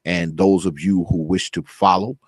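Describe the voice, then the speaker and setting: A man's voice: deep voice, fairly even intonation, normal speed, breathy edge, dry recording, studio quality. A man hosting a casual online interview, speaking earnestly and gratefully, often repeating himself. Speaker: host.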